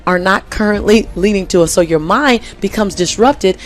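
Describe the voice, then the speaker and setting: A woman's voice: medium pitch, moderate pace. A woman guest in a conversational interview, speaking emphatically and repeating key phrases for effect.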